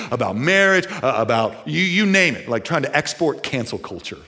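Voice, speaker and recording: A middle-aged man preaching a sermon as pastor, animated, moving from hushed passages to near-shouting. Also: medium pitch, a little fast.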